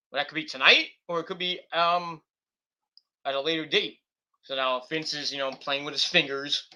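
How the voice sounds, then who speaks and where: A man on a live stream gives a loose, rambling recap of a wrestling show, full of fillers and restarts. His voice sits high and sounds very bright and sharp. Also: steady tone, moderate pace.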